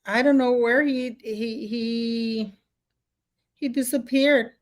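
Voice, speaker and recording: Woman streamer, casual rambling host, slightly high voice, lots of fillers. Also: fairly even intonation, takes it slowly. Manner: rambling, many fillers and restarts, frequent laughter. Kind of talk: casual live stream chat.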